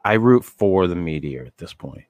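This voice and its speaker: Low-voiced, profane, rambling podcast co-host man. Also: expressive, moderate pace, no echo, narrow, tinny audio. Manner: profane, rambling, laughing often. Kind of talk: casual chat.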